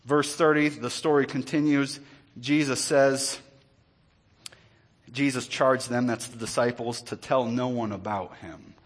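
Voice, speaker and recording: Male pastor, mid-pitched, chatty sermon delivery with asides. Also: fairly even intonation, unhurried. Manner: conversational, joking asides, repeats words.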